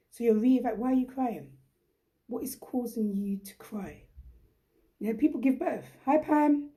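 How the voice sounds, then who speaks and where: Earnest woman, very dark voice. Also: fairly high pitch. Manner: earnest, repeats phrases for emphasis. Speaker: host. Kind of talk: reflective live-stream talk.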